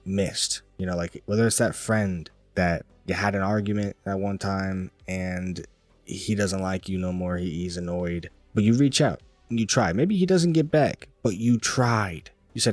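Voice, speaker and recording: A man's voice: fairly low pitch, normal speed, no echo, soft background music. Rambling man giving a faith-based pep talk. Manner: rambling, repetitive, restarts often, laughs lightly. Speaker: motivational vlogger.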